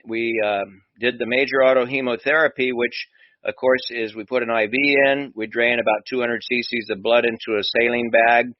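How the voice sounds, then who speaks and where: A man, a doctor hosting a talk show, tells a long anecdote in a conversational way and acts out the dialogue as he goes. His voice sits at a middling male pitch. The recording is dry and somewhat dull. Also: fairly even intonation, normal speed, dry recording. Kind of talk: chatty anecdotal storytelling.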